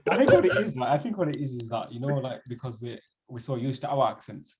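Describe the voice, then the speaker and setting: A man's voice: mid-range voice, big pitch swings, quick pace, a little mellow. A man with a Bradford Yorkshire accent, co-hosting a casual podcast and laughing often. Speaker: podcast co-host. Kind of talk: casual chat.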